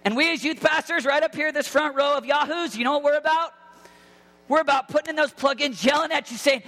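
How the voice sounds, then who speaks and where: A man in his thirties preaching an impassioned sermon to teenagers as a youth pastor, often shouting. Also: very high-pitched, brisk. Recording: long hall reverb.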